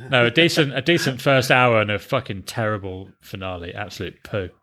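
A man's voice: on the low side, fairly quick, sharp tone. A man co-hosting a casual chat, blunt and sarcastic, swearing freely. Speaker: podcast co-host.

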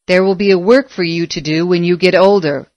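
A solemn, unseen voice speaks from a tree with a grave warning, voiced by a woman reading the story. It is pitched low, and the recording is dry and close. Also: steady tone, fairly quick, no echo, highs cut off, natural voice.

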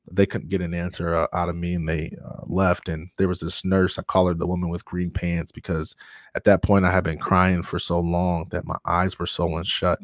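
A man being interviewed, telling his story with animated energy and laughter. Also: deep voice, no room sound, studio quality. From Michigan. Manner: animated storyteller, acts out voices, laughs often. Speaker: guest.

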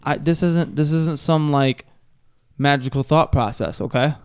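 A man's voice: fairly high pitch, unhurried, a little mellow, clean tone. A man hosting a podcast, blunt and joking with lots of swearing in crude casual banter. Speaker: podcast host.

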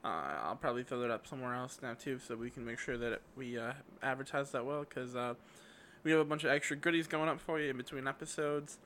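A man's voice: medium pitch, fairly even intonation, fast talker, fairly bright tone, slight background noise. A man co-hosting a casual podcast, rambling through promos with lots of fillers. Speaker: podcast co-host.

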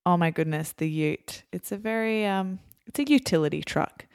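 A woman's voice: fairly low pitch, a little mellow. Upbeat Australian woman hosting a podcast. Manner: upbeat, explains slang slowly and clearly. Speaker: podcast host. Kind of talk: scripted podcast intro and interview.

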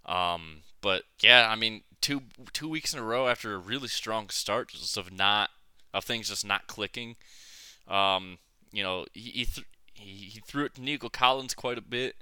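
Bright, halting man talking sports. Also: fairly low pitch, clear, resonant tone, no room sound. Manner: halting, full of fillers and restarts, blunt and profane. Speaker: podcast co-host. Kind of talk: casual sports chat.

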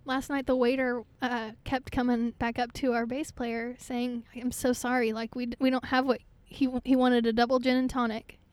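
A young woman from Oklahoma, chatting casually as a podcast guest. She has a high voice and rambles through her stories with plenty of "like" and "I don't know". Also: flat delivery, normal speed, hardly any pauses, clear, resonant tone, no echo. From Oklahoma, USA. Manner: chatty, laughs often, many fillers. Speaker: singer-songwriter guest.

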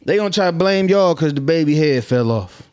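A man's voice: fairly high pitch, lively intonation, a little fast, a little mellow, clear, resonant tone. A man from Minnesota giving casual, laughing, slang-heavy commentary on the news to his viewers. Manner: loose, laughing, slangy street talk. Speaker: commentary vlogger.

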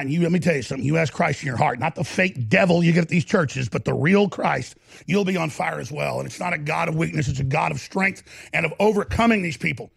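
A middle-aged male talk show host ranting heatedly, often breaking into shouts and growls. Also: fairly high pitch. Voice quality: gravelly, husky voice.

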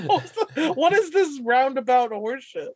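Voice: high voice, big pitch swings, normal speed. A sarcastic co-host who laughs easily, with a voice that rises and falls a lot. The sound is dry and close, with no room echo. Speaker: podcast co-host. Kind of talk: casual chat.

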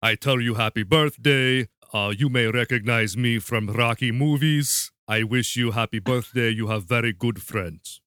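Man doing a deliberately bad low Russian voice, mid pitch, dry mic. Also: fairly bright tone, no echo, lightly acted. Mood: hammy. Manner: low gruff mock-Russian delivery. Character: man faking a Russian birthday greeting.

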